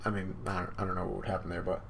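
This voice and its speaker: A man's voice: sits low, flat delivery, racing, gravelly, fairly bright tone, slight background noise. A man hosting a live manga reaction, rambling and unsure, with lots of fillers.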